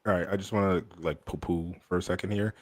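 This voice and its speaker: A man's voice: sits low, fairly even intonation, quick pace, darkish tone. A young man co-hosting a casual basketball podcast, rambling with lots of fillers and restarts. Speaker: podcast co-host. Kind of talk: casual sports podcast chat.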